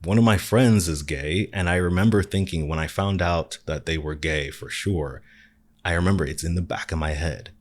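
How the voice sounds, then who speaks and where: A man's voice: extremely low pitch, moderate pace. A man hosting a reflective podcast monologue, speaking in an earnest, encouraging way. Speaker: podcast host and artist.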